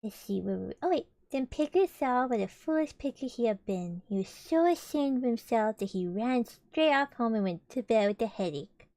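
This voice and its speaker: A woman's voice: a little high, lively intonation, moderate pace, hardly any pauses, dark tone, dry recording, studio quality. A young woman streamer reading a storybook aloud with casual, chatty and giggly asides between passages.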